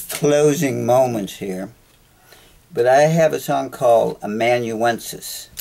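Gravelly man rambling on a solo podcast. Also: mid-range voice, darkish tone, a little hiss or hum. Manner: chatty, jokey, self-interrupting. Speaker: podcast host.

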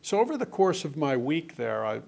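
A man's voice: on the high side, very animated, moderate pace, vocal fry, a little mellow. An older man, an author, chatting and telling anecdotes with lots of quoted dialogue. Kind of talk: casual storytelling in conversation.

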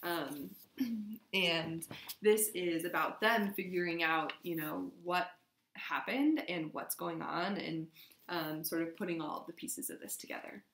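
A woman's voice: lowish voice, measured pace, fairly bright tone. A woman hosting a podcast, reading a story aloud and chatting casually with fillers. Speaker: podcast host. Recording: roomy echo.

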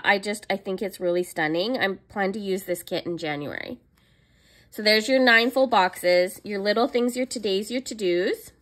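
A woman's voice: on the high side, a bit bright. A young woman chatting casually in a haul vlog, gushing and squealing over cute planner stickers. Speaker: planner vlogger.

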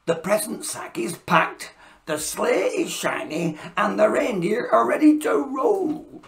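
A woman voicing an eager, cheerful young female elf in a storybook reading, excited and reassuring. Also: mid-range voice, slow, vocal fry, pitched above the performer's own voice, heavily acted.

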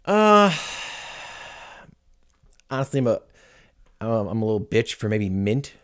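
A man's voice: fairly low pitch, big pitch swings, measured pace, fairly bright tone, clear, resonant tone. A man hosting a casual podcast chat, joking and laughing at his own lines. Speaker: podcast host.

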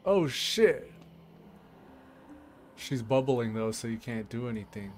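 A man's voice: medium pitch, lively intonation, slow pace, a little mellow, a little hiss or hum. A man giving casual, rambling commentary while playing a game, laughing often and talking to himself. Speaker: gameplay streamer.

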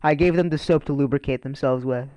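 A man's voice: mid-range voice, fast talker, mellow, no echo, low-quality recording. A man playing a prison guard in a casual online game role-play, barking short orders at other players.

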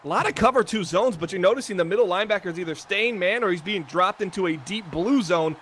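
A man's voice: high-pitched, fast talker, fairly bright tone, a little hiss or hum. A man giving chatty, analytical color commentary on a video game football broadcast. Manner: analytical, chatty, self-deprecating.

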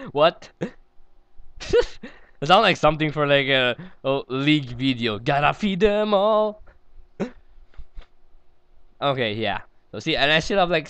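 A man giggling and rambling his way through casual gameplay commentary, chatting to himself as he plays. His voice sits at an ordinary middle pitch and sounds smooth and resonant. The recording is dry and close, with no room sound. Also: fairly bright tone, no room sound. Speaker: let's play host.

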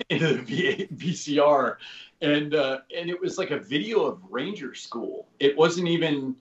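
A man's voice: fairly high pitch, animated, a little slow. A man in his fifties, a guest telling stories in a casual interview, rambling with lots of "you know" and "like" and casual swearing. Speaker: guest, former special operations soldier. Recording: roomy, slightly dull podcast audio.

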